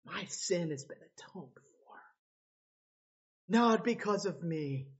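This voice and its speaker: A male preacher with a high voice delivers a sermon slowly and deliberately. He swings between loud, pleading cries and low, hushed passages. The recording sounds a little dull and lo-fi. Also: lively intonation, husky.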